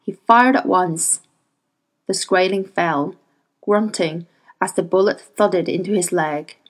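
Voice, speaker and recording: A woman reading a novel aloud as audiobook narrator, measured and expressive. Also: on the low side, poor audio. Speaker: audiobook reader. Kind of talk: scripted narration.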